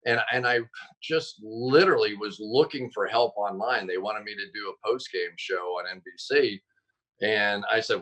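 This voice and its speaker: A man, a football analyst guest on a sports talk show, telling stories casually and acting out quotes with sudden jumps in pitch. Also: normal speed, fairly bright tone, poor audio.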